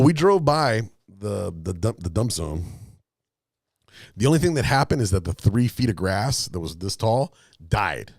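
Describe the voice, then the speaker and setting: In a studio-quality recording free of room sound, a man with a mid-range voice co-hosts a podcast. His storytelling is loose and profane, lively, and full of acted-out lines from other people.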